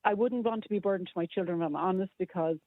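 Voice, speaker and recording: Brief: Irish man on a tinny phone line, fairly high voice, fast and earnest. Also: no room sound. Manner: earnest, hesitant restarts. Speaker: radio guest. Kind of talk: casual radio chat.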